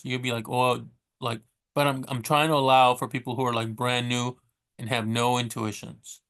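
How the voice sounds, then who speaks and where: A man giving a casual recorded language lesson. He talks in a loose, chatty way, trails off and corrects himself, and reads the Spanish example sentences slowly and carefully. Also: mid-range voice, fairly bright tone. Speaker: Spanish teacher.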